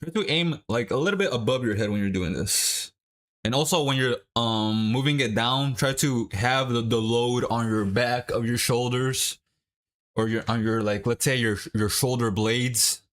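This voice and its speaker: A young man chatting casually while watching a match live and coaching viewers through a quick workout. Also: medium pitch, a bit bright. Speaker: livestream host. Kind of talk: casual watch-along chat.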